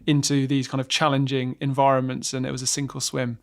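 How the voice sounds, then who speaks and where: A man's voice: mid-range voice, monotone, a little fast, gravelly. A man hosting a podcast, asking long, hedging questions full of fillers. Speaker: podcast host. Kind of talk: interview questions.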